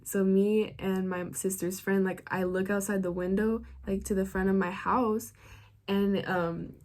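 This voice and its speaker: A young woman vlogger telling a story to camera in a casual, chatty way, full of slang and "like.". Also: medium pitch. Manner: chatty, filler-heavy slang, frequent "like".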